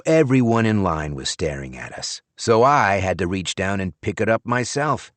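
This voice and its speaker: Low voiced guy reading an audiobook, lots of pitch movement, wry, super dry close sound. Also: lively intonation, normal speed, few pauses, fairly bright tone, dry recording. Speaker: audiobook narrator. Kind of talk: scripted first-person narration.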